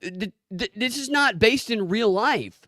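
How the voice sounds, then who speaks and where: A man's voice: high voice, animated, a little slow, sharp tone, no room sound, clean studio sound. A man hosting a podcast, giving sarcastic political commentary and often stammering and restarting his sentences. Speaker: podcast host.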